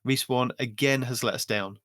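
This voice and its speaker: A man hosting a podcast in casual chat, with dry, teasing humor. He speaks in a middle pitch, and the recording is close and dry with no room sound. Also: normal speed, fairly bright tone, dry recording. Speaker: podcast host.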